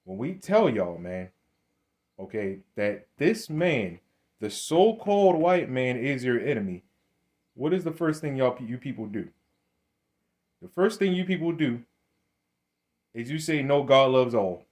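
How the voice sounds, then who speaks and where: A religious commentator speaks bluntly and confrontationally to the camera in a medium-pitched, sing-song, slightly mellow voice. He takes his time and pauses often, frequently repeating himself, restarting sentences and calling his listeners "man."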